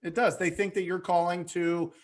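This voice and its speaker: A high-voiced male real estate wholesaling mentor, appearing as a webinar guest, coaches in a Q&A session at normal speed. He's energetic and motivational, repeating phrases for emphasis.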